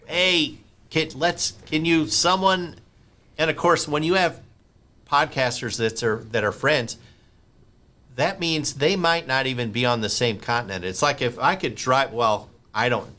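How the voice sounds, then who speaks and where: A man hosts a podcast interview over a remote call. His voice is bright and forward, at a middle pitch. He rambles warmly into tangents and animated asides. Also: moderate pace. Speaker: podcast host. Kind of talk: interview chat.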